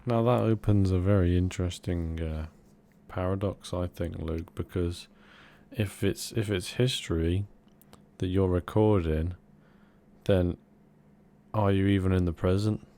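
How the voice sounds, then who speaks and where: A young man co-hosting a casual comedy podcast, rambling in a mock-earnest, deadpan way. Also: sits low, a little slow. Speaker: podcast co-host.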